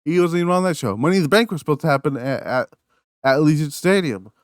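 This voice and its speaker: Brief: man, solo podcast host, heated profane rant, slightly high voice, dry close sound. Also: lively intonation, fast talker, dry recording. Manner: angry, profane, repeats words and restarts.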